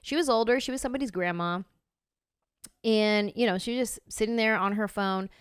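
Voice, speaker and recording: A woman in her thirties hosting a podcast, telling a story in a casual, animated way and acting out her own reactions. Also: medium pitch, a little fast, smooth, no room sound, studio quality. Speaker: podcast host.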